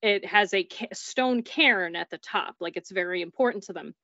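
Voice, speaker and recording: A woman with a pushed, bright, medium-pitched voice shares her paranormal experiences at a moderate pace. Her casual storytelling is laced with "like" and acted-out dialogue, and the recording is dull and dry, with no room sound.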